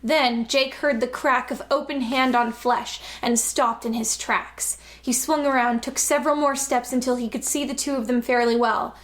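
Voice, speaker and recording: High-voiced woman reading a book out loud, sarcastic little asides. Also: fairly even intonation, normal speed, hardly any pauses. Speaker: host reading a novel aloud. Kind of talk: reading a book aloud with commentary.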